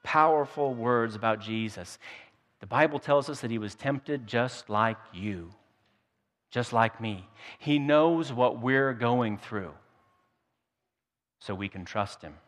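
A man preaching a sermon at an ordinary middle pitch, telling stories with gentle humor and repeating words as he builds his points. His voice rings out with a long hall reverb, as if recorded in a church sanctuary. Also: slow. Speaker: pastor.

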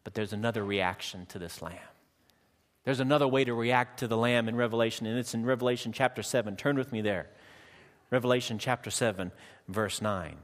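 A man's voice: medium pitch, fairly even intonation. Man preaching in a reverberant hall. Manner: dramatic, varies loudness and slows for emphasis; acts out quick dialogue with the congregation. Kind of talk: sermon. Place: church hall.

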